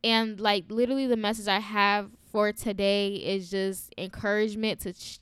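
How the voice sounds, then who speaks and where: A woman's voice: mid-range voice, fairly bright tone, clear, resonant tone, no echo, studio quality. A young adult woman hosts a faith-based podcast, talking candidly in a chatty way with many fillers and frequent laughs. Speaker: podcast host.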